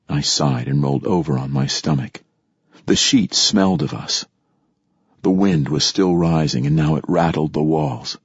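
A man narrating an audiobook in a measured, reflective storytelling manner. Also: extremely low pitch, gravelly, husky, dry recording, lo-fi sound. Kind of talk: scripted narration.

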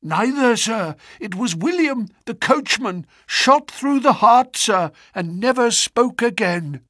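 Brief: a man playing a panicked, breathless manservant, high and lively, dry close sound. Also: slow, no room sound, exaggerated voice. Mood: alarmed. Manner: gasping, clipped, ends lines with "sir". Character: panicked male servant, breathless and deferential.

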